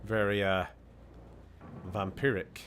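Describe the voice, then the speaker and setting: A man's voice: on the low side, little pitch movement, takes it slowly, fairly bright tone, slight background noise. A Scottish man streaming a game, chatting casually in a rambling way with laughing asides and the odd swear. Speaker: gaming streamer. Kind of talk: casual live-stream chat.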